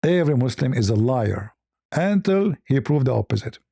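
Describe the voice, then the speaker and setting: A man's voice: medium pitch, sing-song, moderate pace, creaky, warm tone, breathy edge, no room sound, clean studio sound. Combative, sarcastic male debater. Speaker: online debater. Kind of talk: mocking commentary.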